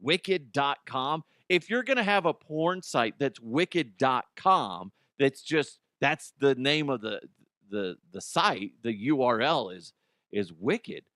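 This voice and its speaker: A man's voice: mid-range voice, expressive, slow, a bit bright, no room sound, clean studio sound. A man hosting a comedic news segment, rambling, swearing and laughing at his own jokes. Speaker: host.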